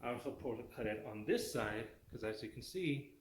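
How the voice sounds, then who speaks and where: A man narrating his home renovation work in a casual how-to style, relaxed and chatty, with frequent ums and asides to viewers. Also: mid-range voice, brisk. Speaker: DIY home renovation vlogger. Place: indoors in a small room under renovation. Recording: echoey room, faint noise.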